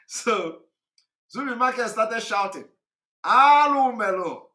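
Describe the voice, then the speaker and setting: A man's voice: on the high side, sharp tone. A man giving a rambling live broadcast monologue, retelling stories with a comic touch. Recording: roomy echo.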